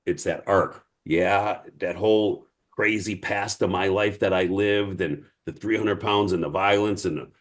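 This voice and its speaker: Low-voiced man with a Chicago accent, lively storyteller, guest on a casual interview. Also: unhurried, hardly any pauses. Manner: animated storyteller who acts out others' words.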